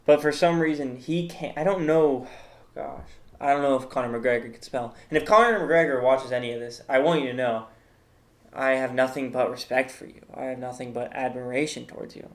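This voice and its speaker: A man's voice: mid-range voice, a little fast. A man hosting a comedic tier-list commentary, rambling in a mock-serious way with lots of fillers. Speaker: host.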